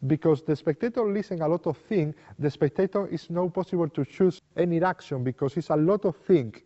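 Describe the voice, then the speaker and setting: A man's voice: fairly high pitch, a little fast, mellow. A man teaching card magic in non-native English, acting out sample lines for a spectator. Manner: non-native English, simple repetitive phrasing. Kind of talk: explaining card magic technique. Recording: long reverb, dull lo-fi sound.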